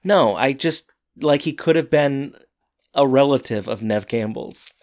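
A man co-hosting a podcast, recapping a TV episode in a rambling, halting, self-correcting way. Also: mid-range voice, darkish tone. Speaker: podcast co-host. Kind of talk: casual TV episode recap chat.

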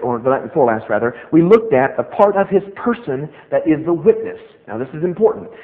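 A middle-aged man preaching a sermon, emphatic and animated, repeating key phrases for stress. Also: a little high. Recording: tinny phone-like sound.

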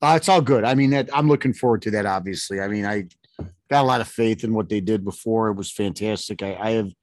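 A man's voice: lowish voice, fast talker, no room sound. A man co-hosting a casual podcast chat, joking and enthusiastic. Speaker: podcast co-host.

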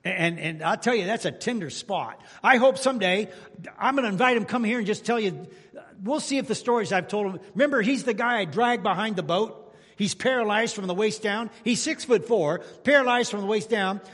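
A pastor preaching a sermon to his congregation, telling folksy stories and rising to loud exclamations. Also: high voice, brisk. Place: church sanctuary. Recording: long hall reverb in church.

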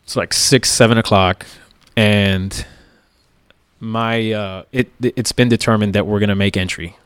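A man's voice: fairly low pitch, steady tone, unhurried, fairly bright tone, clear, resonant tone, dry recording. A police tactical officer, a man, recounting events in a plain-spoken, casual way with lots of "like" and "right?". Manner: plain-spoken, many fillers like "like" and "right?", occasional swearing.

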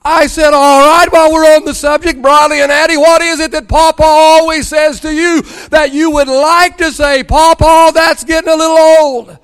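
A man's voice: very high-pitched, moderate pace, few pauses. An older man, a pastor preaching a sermon and telling family stories with acted-out dialogue. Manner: storytelling, acts out dialogue with rising excitement.

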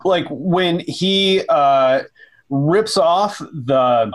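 Male co-host with a fairly high voice, rambles and trips over words. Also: drawn-out words. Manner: rambling, stumbling storyteller. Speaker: podcast co-host. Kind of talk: casual comedy chat.

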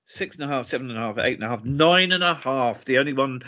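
Jovial British man, lively voice. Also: medium pitch, quick pace, lo-fi sound. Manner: jovial, teasing. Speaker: podcast co-host, quizmaster. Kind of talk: casual chat.

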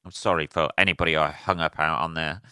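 A man's voice: extremely low pitch, fairly even intonation, fast, sharp tone, clean tone, no room sound, clean studio sound. A man hosting a casual solo podcast, rambling and swearing freely, full of fillers. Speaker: podcast host.

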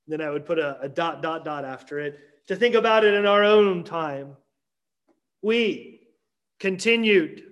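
A man preaching a Sunday morning sermon as pastor, emphatic with dramatic pauses and repetition. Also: sits high, fairly bright tone.

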